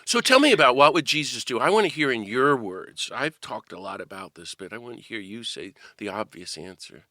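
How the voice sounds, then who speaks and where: An older man hosting an interview, telling an animated story and laughing at himself. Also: mid-range voice, fairly quick, hardly any pauses, no echo, studio quality. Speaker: podcast host.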